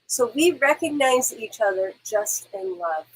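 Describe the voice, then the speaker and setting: Breathy, reassuring woman medium. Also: a little high, lively intonation, unhurried, rough recording. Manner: gentle, reassuring, soothing. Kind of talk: live-stream reading.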